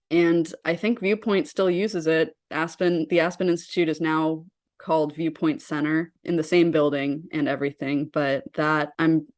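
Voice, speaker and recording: A woman's voice: sits low, darkish tone, dry recording, studio quality. Earnest young woman recounting her past. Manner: earnest, frequent "like" fillers. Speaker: interview guest, survivor. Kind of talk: personal storytelling in a podcast interview.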